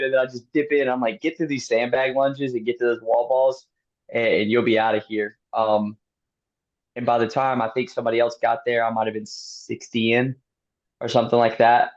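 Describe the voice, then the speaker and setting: A man being interviewed, telling a race story in a casual, animated way, laughing often and using lots of fillers. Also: mid-range voice. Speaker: guest athlete. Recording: dull lo-fi sound.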